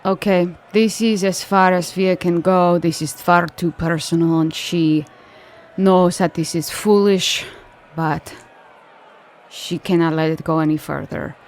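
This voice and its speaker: A woman's voice: on the low side, steady tone, a little slow, darkish tone. A woman playing a tabletop game, eager and playful as she declares her actions. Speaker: player. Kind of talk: tabletop role-play banter.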